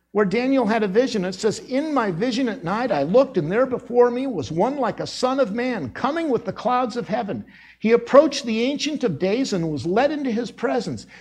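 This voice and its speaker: A man's voice: high-pitched, slightly rough. A middle-aged man, a former associate pastor, preaching a sermon and acting out the quoted dialogue. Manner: animated preacher who acts out quoted dialogue.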